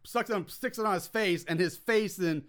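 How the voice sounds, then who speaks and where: A man co-hosting a casual podcast, adding quick asides and laughing along while they recap a movie. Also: high voice, a bit bright. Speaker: podcast co-host.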